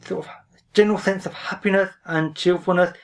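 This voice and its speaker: This reserved man's book vlog is casual and rambling, delivered briskly to camera with frequent use of "frankly." His voice sits high with fairly even intonation and sounds somewhat distant from the microphone.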